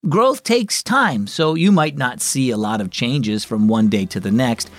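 A man hosting a children's devotional radio show, reading a story in a friendly, expressive storyteller manner. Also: on the low side, normal speed, no echo, clean studio sound. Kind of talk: scripted storybook narration for children.

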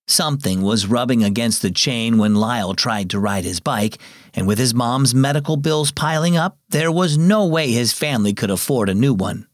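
A man's voice: lowish voice, moderate pace, no echo, studio quality. A young adult man hosting a children's devotional program, reading the scripted story and speaking encouragingly to young listeners. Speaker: host.

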